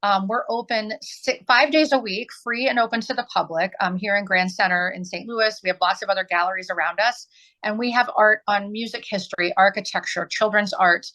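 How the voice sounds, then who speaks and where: A woman's voice: mid-range voice, brisk, bright, forceful tone, rough recording. Woman in her 40s, arts nonprofit director, earnest, says um a lot. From southern Illinois, US. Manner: earnest, many ums. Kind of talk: interview answers.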